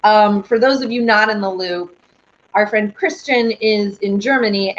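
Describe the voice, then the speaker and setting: A woman's voice: mid-range voice, a little hiss or hum. A young woman hosting a casual live stream, reading viewer comments and chatting in a bubbly, rambling way. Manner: bubbly, squeals with excitement, rambling. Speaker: live-stream host and singer. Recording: dull lo-fi stream audio.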